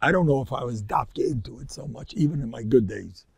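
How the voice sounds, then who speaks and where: Gravelly older New rabbi. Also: male voice, medium pitch, fairly quick, no echo. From Far Rockaway, New York. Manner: rambling, jokey, animated asides with Yiddish and Hebrew words. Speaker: rabbi lecturer. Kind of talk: informal Torah talk.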